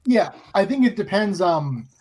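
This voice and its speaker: A man with a somewhat high voice, speaking as an author on a live panel. He halts often with "um" and "you know" as he explains his choices. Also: animated, a little mellow, slightly rough. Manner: halting, many fillers.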